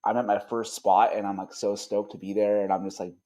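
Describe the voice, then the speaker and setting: A man speaking as a firefighter and podcast co-host, chatting in a relaxed, enthusiastic way. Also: lowish voice, brisk. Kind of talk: casual podcast conversation.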